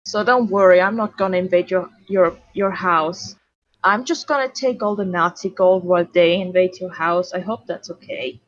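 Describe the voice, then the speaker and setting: A woman's voice: on the low side, normal speed, dry recording. A woman from Switzerland with a Swiss German accent, chatting casually and swearing freely on a late-night stream. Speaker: stream co-host. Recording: dull, lo-fi stream audio.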